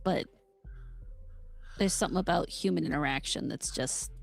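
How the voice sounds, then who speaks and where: A woman in a casual podcast discussion, giving measured opinions. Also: sits low, vocal fry, faint music behind. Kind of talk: casual chat.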